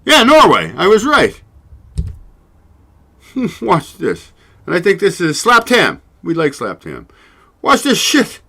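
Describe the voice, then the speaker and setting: Man, talk show host, loose rambling chat, lively pitch, bright sharp tone, salty language. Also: slow, vocal fry, pauses often, slightly rough. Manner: rambling, swears freely, laughs often. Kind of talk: casual solo livestream chat.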